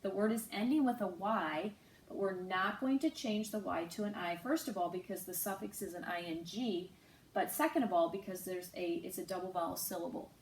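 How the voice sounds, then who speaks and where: A woman teacher giving a slow, patient online phonics lesson, spelling out letters and sounds. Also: medium pitch. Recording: roomy, distant mic with faint noise.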